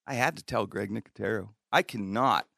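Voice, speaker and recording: A middle-aged man hosting a show and telling a long story in casual chat. He is animated, swears freely and acts out the people in his tales. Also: on the low side, a little fast, gravelly, no echo, clean studio sound. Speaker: show host.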